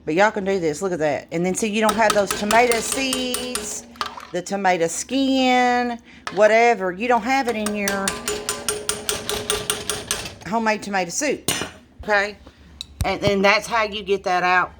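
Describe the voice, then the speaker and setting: Filmed on a phone in her restaurant kitchen, a small restaurant cook talks to viewers as y'all in a homey, chatty way, her mid-range voice a little slow with long pauses. Background noise runs throughout this casual cooking video.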